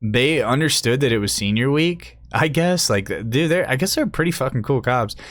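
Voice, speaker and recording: A man's voice: medium pitch, animated, normal speed, dry recording. A young man hosting a podcast, telling a rambling, profane story and laughing at his own jokes. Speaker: podcast host. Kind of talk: casual storytelling.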